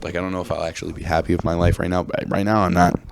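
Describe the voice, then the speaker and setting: Low, gravelly-voiced podcast co-host. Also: male voice, racing, noisy background. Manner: crude, loose and excitable, swears often. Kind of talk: casual chat.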